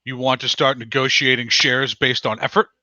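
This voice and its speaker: A man doing a blunt, gruff human warrior. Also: medium pitch, little pitch movement, moderate pace, bright, forceful tone, no room sound, highs cut off. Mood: menacing. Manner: terse clipped speech, gruff and businesslike.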